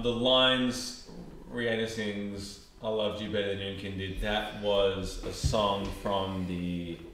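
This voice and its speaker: A man's voice: lowish voice, a bit bright. A young Australian man with an Australian accent, rambling and joking as a podcast host in casual chat. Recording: echoey room, faint background noise.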